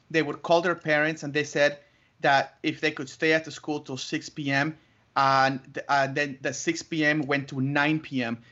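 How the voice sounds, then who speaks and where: A man telling his story as an interview guest, lively, laughing often and acting out other voices. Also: on the high side. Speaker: interview guest, wedding photographer. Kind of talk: animated storytelling. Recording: muffled lo-fi audio.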